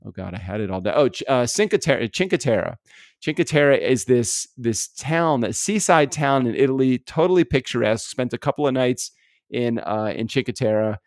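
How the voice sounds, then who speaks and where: A man's voice: mid-range voice, normal speed, dry recording, clean studio sound. An American man co-hosting a podcast in casual chat, rambling, laughing often and swearing freely. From United States. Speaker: podcast co-host. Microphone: remote podcast recording setup.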